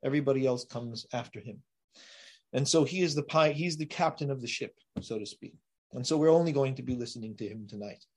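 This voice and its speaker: A man teaching a Torah class, emphatic and building to forceful rises on key points, then dropping to quiet asides. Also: medium pitch, brisk. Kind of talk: Torah lecture.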